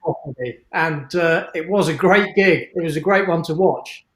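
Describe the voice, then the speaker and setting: A man's voice: on the high side, measured pace, roomy sound, a little hiss or hum. A man, a band musician, chatting casually and hesitantly about a past gig. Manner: hesitant, with fillers and restarts. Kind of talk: casual chat.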